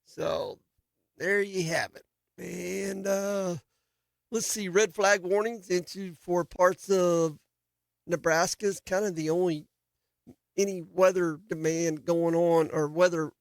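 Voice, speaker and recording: A folksy man hosts a farm radio show, rambling along with plenty of fillers and restarts. His voice sits a bit high for a man. The sound is dry and close, from a studio mic. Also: steady tone, slow pace, creaky, no room sound. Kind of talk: casual farm radio talk. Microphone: studio microphone.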